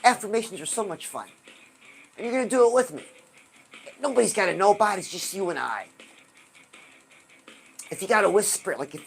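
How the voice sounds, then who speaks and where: A woman hosting a live stream, giving an animated motivational talk and asking her viewers rhetorical questions. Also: medium pitch, a little fast, gravelly, pauses often, husky. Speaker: livestream host.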